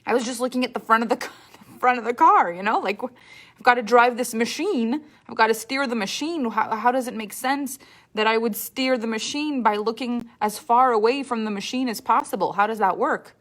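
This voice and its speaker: A woman's voice: on the high side, moderate pace. A woman giving a motivational talk on money, telling stories, acting out what people said and often repeating words. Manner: storytelling with acted-out quotes, repeats words. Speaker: money coach.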